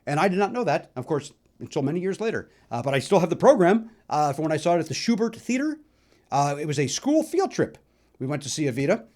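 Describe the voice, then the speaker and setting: A middle-aged man from the Chicago area hosting a solo podcast, telling stories in a chatty, animated way with lots of fillers. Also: on the high side, quick pace. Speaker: podcast host. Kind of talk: solo musical nostalgia talk.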